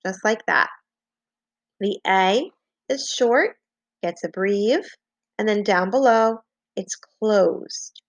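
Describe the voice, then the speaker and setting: A woman teaching a phonics lesson to young children, slowly and patiently dictating and spelling out words. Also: medium pitch, no echo, lo-fi sound. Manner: slow, clear, patient dictation with repeated words.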